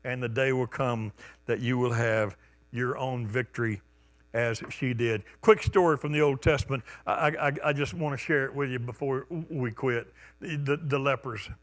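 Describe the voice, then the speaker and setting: A male pastor preaching a conversational sermon, stumbling over restarts and bursting into loud call-outs. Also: medium pitch, fairly even intonation, normal speed. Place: church sanctuary.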